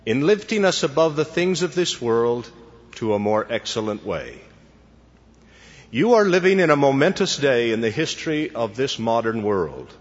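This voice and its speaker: A man, a church leader, giving a formal devotional address to students in a measured, deliberate manner. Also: medium pitch, fairly bright tone, slightly rough. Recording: dull lo-fi recording with long hall reverb.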